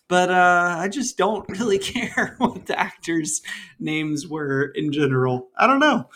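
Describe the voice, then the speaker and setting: Relaxed, laughing male podcast co-host. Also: high-pitched, a little slow. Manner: easygoing, laughs often, rambling asides. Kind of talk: casual podcast chat.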